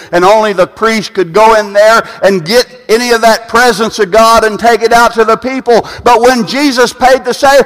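A man preaching a sermon, often repeating and restarting phrases and building to loud peaks. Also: high-pitched. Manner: repetitive, restarting phrases, rising to shouts at peaks. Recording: long hall reverb.

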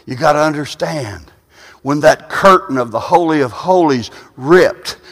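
Male preacher, high pitch, sermon delivery with stammered repeats, church hall reverb. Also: expressive, a little slow. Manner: repetitive, restarting phrases, rising to shouts at peaks.

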